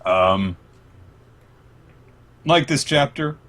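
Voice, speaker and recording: A man hosting a podcast, chatting casually and recapping comics in an animated way with plenty of fillers. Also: medium pitch, extremely slow, slight background noise. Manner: animated, retelling scenes with lots of fillers. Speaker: podcast host. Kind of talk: casual manga recap chat.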